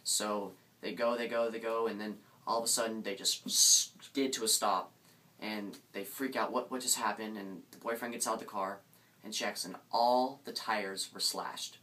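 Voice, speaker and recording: Young man telling a ghost story haltingly. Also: on the low side, steady tone, pushed and bright. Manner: hesitant, many restarts, suspenseful. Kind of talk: casual spoken ghost story. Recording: distant mic, faint background noise.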